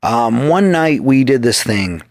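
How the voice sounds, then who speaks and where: A podcast guest spins profane, casual stories in a loose chat, swearing constantly and acting out quoted back-and-forth exchanges. His mid-range voice has lively intonation, a measured pace and a darkish tone, recorded dry with clean studio sound.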